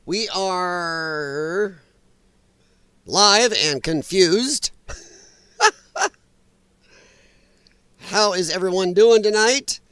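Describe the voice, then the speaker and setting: This livestream host speaks into his own mic in a high, expressive voice that's pushed and bright, stretching out words and pausing often; the tone is clean with no echo. He runs a casual political commentary stream, sounding chatty and sarcastic, laughing a lot while his voice strains a little.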